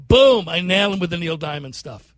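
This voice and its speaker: A middle-aged man hosts talk radio with loose, rambling, jokey storytelling. His voice sits notably high for a man. The banter stays casual and conversational. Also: lively intonation, moderate pace, no echo, clean studio sound. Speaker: radio show host.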